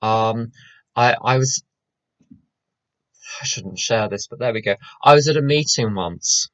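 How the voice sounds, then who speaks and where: A man's voice: medium pitch, a little slow, smooth, no echo. A British man giving a conversational recovery talk, wry and chatty, full of asides and restarts, over slightly dull online call audio. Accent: British English. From England. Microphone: online call microphone.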